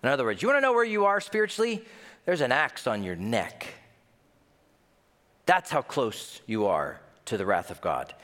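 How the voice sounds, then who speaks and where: A man preaching a sermon in a lively, animated way, sometimes acting out the voices of people he quotes. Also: medium pitch, moderate pace. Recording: long hall reverb.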